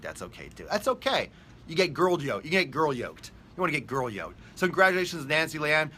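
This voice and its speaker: A man's voice: medium pitch, bright, forceful tone, slight background noise. A man hosting a live-stream fitness show, talking in a brash, profane, hyped-up motivational way. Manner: brash, profane hype talk. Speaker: fitness coach host.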